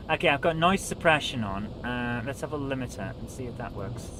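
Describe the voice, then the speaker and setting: A man's voice: medium pitch, lively intonation, normal speed, noisy background. A British man hosting a live stream, chatting casually and grumbling while he fiddles with his audio settings.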